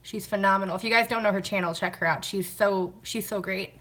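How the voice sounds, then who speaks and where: A woman chats casually on a live stream from home, greeting viewers by name and answering their comments. Her voice is bright and a little sharp. She keeps talking as she washes glasses by hand. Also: medium pitch, fairly even intonation, a little fast. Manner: talks while washing glasses by hand. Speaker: vlogger hosting a live stream.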